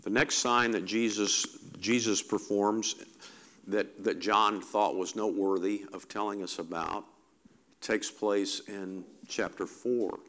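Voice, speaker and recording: A man delivers a sermon in an easy, conversational tone, his voice sitting slightly low. He thinks aloud as he goes and repeats his key lines for emphasis. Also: fairly even intonation, slow pace, fairly bright tone. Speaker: preacher.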